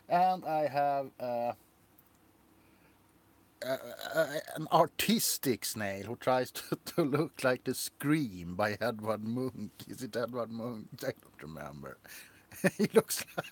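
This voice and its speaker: A man's voice: medium pitch, animated, takes it slowly, slightly rough. A man hosting a casual livestream, rambling and laughing often as he shows off his figurines. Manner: giggly, rambling. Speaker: livestream host.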